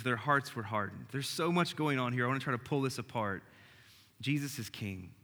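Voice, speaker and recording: A man preaching a casual, animated sermon to a church audience, sometimes dropping his voice to a soft hush. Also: mid-range voice. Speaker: pastor. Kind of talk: conversational sermon. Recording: long hall reverb.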